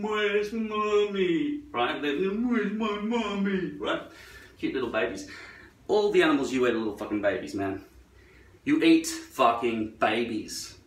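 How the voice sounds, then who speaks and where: A man's voice: lowish voice, moderate pace, recorded from a distance. Man ranting profanely in a roomy echo. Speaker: vlogger. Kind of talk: rambling monologue while trimming hair. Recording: roomy echo, away from the mic.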